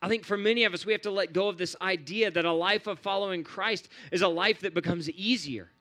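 A man's voice: high voice, fairly quick, bright, forceful tone. A man preaching a sermon in an earnest, repetitive cadence, building phrase on phrase. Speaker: pastor.

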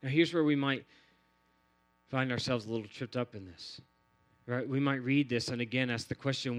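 A man's voice: medium pitch, normal speed, pauses often. A man preaching a sermon in an earnest, repetitive cadence, building phrase on phrase. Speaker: pastor.

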